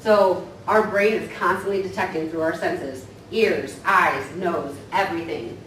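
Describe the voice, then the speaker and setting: A woman's voice: on the low side, unhurried, a bit bright. A woman counselor giving a casual training lecture, often checking in with "right?". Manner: casual, tags points with "right?". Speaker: counselor teaching a staff training. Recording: echoey room from far off, faint noise.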